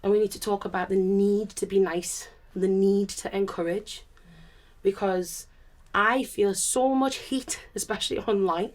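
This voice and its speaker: A woman speaking on a panel discussion, telling candid stories in a lively way, full of laughter and acted-out quotes. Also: medium pitch, measured pace. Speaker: panelist, turntablist.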